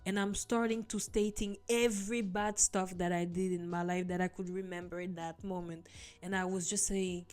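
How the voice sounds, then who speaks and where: Over gentle background music, a woman recounts her own faith journey to her audience as a vlogger, sincere yet relaxed. She speaks at a normal speed in a steady, mid-range voice.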